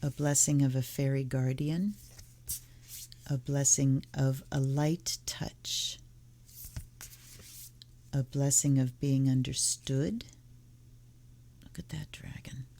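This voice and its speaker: A woman hosting her own tarot channel, casually reading aloud from a card deck and its guidebook, slowly and softly, half-whispering some card titles. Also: a bass voice, fairly even intonation.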